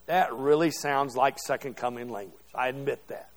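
A man's voice: medium pitch, normal speed. Man teaching a conversational Bible class. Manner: conversational, keeps checking understanding with "okay?". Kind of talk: interactive Bible class lecture. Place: classroom or church hall with a group.

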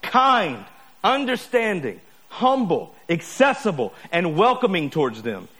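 A man delivering a sermon from the pulpit at an unhurried pace. His voice sits a little high for a man, and he preaches earnestly, leaning on steady repetition. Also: breathy edge. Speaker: pastor.

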